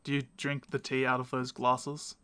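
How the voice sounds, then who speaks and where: A man's voice: mid-range voice, completely flat delivery, moderate pace, sharp tone, slight background noise. A young man hosting a casual podcast chat from home, rambling and self-mocking and laughing often. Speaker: podcast host.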